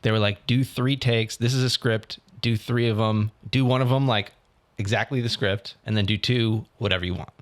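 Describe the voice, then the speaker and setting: A young man co-hosting a podcast, telling a story in a casual, animated way and acting out what other people said. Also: on the low side, normal speed. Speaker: podcast co-host. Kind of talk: casual chat.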